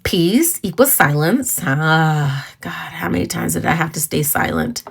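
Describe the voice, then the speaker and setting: A woman's voice: deep voice, big pitch swings, measured pace, creaky, breathy edge. A middle-aged woman hosting a casual talk on emotional healing, earnest and conversational, with personal stories and asides. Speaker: podcast host.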